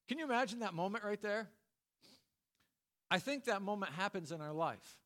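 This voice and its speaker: Middle-aged male pastor, high voice, humorous sermon with acted-out character voices. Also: expressive, normal speed, long pauses, a bit bright.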